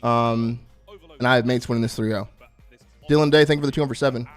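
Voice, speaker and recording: A man's voice: mid-range voice, steady tone, fast, faint music behind. Laid-back profane young streamer guy. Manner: laid-back, profane, constantly thanking subscribers. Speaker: streamer hosting a watch party. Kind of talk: casual live-stream chat.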